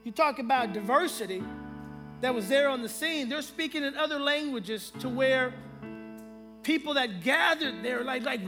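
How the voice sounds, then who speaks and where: A pastor with a strikingly high voice delivers his sermon, calling on the congregation to answer back. His delivery moves from quiet, slow emphasis to loud declarations. A faint bed of music sits under his voice. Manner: preaching with call-and-response to the congregation; swings from hushed to loud with slow emphatic phrases.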